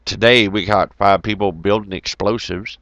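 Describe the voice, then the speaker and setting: A man's voice: lowish voice, fairly even intonation, normal speed, a bit bright, dry recording. A man giving a profane, rambling, jokey monologue to his viewers, laughing often. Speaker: YouTube commentator. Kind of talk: casual ranting monologue.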